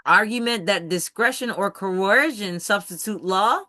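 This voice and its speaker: Bright, dry-sounding host checking in with the group. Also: mid-range voice, a little slow, no room sound. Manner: emphatic, keeps checking that the group understands. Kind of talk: live video-call teaching session. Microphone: computer mic on a video call.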